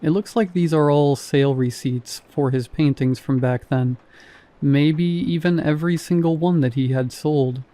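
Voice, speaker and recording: A man voicing the narrator's sister, a woman in her fifties, in a gently pleased, matter-of-fact way. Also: on the high side, moderate pace, close to an everyday voice. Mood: mildly excited.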